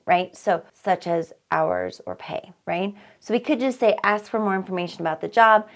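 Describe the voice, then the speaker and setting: A woman with a lowish, gravelly voice leads a test-prep lesson. She reads each practice question aloud, then talks through why an answer works, often checking in with a quick "right?". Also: lively intonation.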